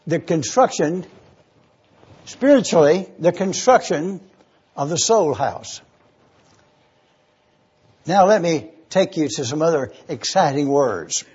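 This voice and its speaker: Husky, high-voiced preacher teaching. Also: male voice, expressive, slow, pauses often, a little mellow, muffled recording. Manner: spells out words letter by letter; enthusiastic teaching. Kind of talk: sermon with word study.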